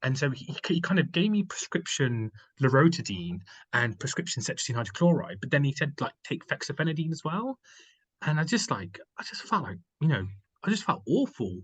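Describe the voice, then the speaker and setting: A man from the United Kingdom talks casually as a guest, and his voice has a husky edge to it. He rambles along with lots of fillers and restarts, sitting at an ordinary middle pitch. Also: very animated, brisk, fairly bright tone, rough recording. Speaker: guest, company founder. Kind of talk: casual conversational storytelling.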